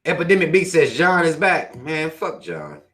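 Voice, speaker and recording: A man's voice: on the high side, sing-song, moderate pace, fairly bright tone. A man hosting a livestream, reading viewer comments aloud and ranting at them in a profane, preachy way, firing questions at his listeners. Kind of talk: livestream rant.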